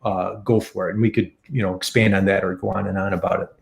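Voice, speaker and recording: A man's voice: low voice, level tone, fast talker, creaky, reverberant. An American man of around fifty, a podcast guest, talking enthusiastically and repeating key figures for emphasis. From United States. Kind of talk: podcast interview.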